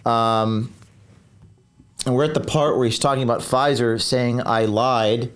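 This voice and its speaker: A man's voice: mid-range voice, steady tone, measured pace, fairly bright tone. Combative man hosting a live stream. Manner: rambling, combative, reads comments aloud.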